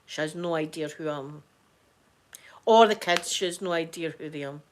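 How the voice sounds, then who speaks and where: A middle-aged Scottish woman, hoarse from crying, chatting casually to her viewers in a halting way, repeating words and restarting sentences. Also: low-pitched. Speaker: vlogger talking to viewers. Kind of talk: casual chat.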